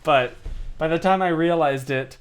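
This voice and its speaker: High-voiced man chatting on a livestream. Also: normal speed, clean tone, faint music behind. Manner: playful, self-deprecating, chatty. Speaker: livestream host. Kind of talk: casual livestream chat, reading comments.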